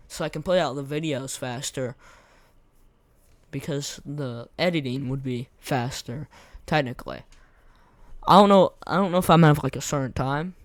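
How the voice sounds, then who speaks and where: A young man giving casual, rambling gameplay commentary, his voice going hoarse, slangy and repeating himself. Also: on the high side, no room sound. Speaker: gaming content creator.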